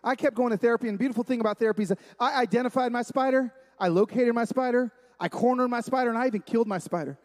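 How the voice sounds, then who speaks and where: A man with a strikingly high voice preaches to a room full of listeners, telling stories emphatically and repeating his key points. His words ring out with a long hall reverb around them. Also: rapid-fire, few pauses. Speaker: speaker at a men's gathering. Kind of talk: sermon-style talk. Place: large room with a live audience.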